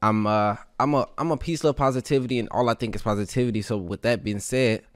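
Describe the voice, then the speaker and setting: A man's voice: medium pitch, quick pace, no room sound. Slangy young male streamer, dry close mic. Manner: loose, rambling, laughs often, slangy. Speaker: streamer host. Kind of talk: casual live-stream chat.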